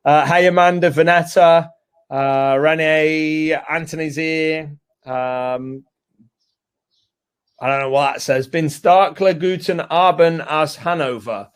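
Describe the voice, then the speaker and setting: A man's voice: a little high, steady tone, slow pace, smooth. A British man co-hosting a live webinar, chatty and rambling as he greets viewers by name. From United Kingdom. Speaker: co-host and co-founder.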